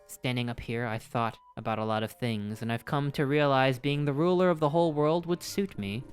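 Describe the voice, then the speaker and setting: A man's voice: medium pitch, brisk, clear, resonant tone, faint music behind, natural voice. A man reading aloud as an arrogant evil knight who was once a childhood doll, in a melodramatic villain delivery. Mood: menacing. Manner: melodramatic villain reading, swings to panicked shouting. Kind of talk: reading game dialogue aloud.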